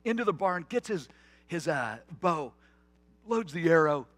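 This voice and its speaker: Earnest higher-voiced male pastor preaching. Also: animated, measured pace, fairly bright tone, no room sound, soft background music. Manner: earnest, storytelling, with frequent restarts. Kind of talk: conversational sermon.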